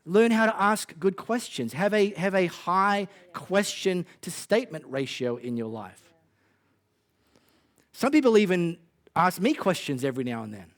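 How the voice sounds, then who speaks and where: High-voiced Australian pastor preaching. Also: male voice, unhurried. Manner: conversational and animated, with quoted asides. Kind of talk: sermon.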